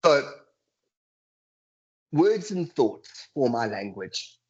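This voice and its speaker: A man lecturing over a video call, his voice husky and a little breathy. The audio is dull and lo-fi. He talks earnestly and drops into sighing, weary inner voices to make his points. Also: mid-range voice, very animated, very slow. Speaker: guest lecturer. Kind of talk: webinar lecture.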